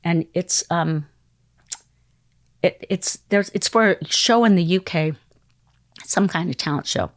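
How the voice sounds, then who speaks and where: A woman's voice: fairly low pitch, unhurried, long pauses, dry recording, clean studio sound. A middle-aged woman telling a long story as an interview guest, acting out the people in it and sometimes dropping to a whisper. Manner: acts out quoted voices and phone calls, dropping into whispers. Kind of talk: animated storytelling.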